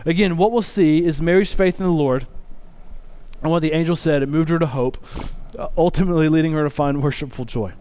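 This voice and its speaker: A male pastor giving a conversational sermon, dropping lower and quieter when reading scripture. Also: brisk, smooth. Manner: conversational, restarts sentences, reads scripture more quietly.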